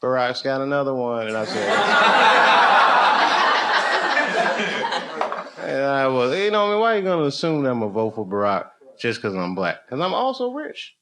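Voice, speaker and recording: A man in his thirties with an American accent, doing stand-up storytelling on a club stage. He often laughs at his own stories, and his voice jumps up when he gets excited. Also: a little high, measured pace, long pauses. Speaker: stand-up comedian. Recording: noisy live recording.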